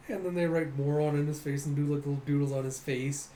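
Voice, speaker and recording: A man's voice: on the high side, fairly even intonation, fast talker, warm tone. A young man casually narrating a comic readthrough in a loose, rambling way. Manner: loose, rambling, lots of "he's like". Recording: echoey room, faint noise.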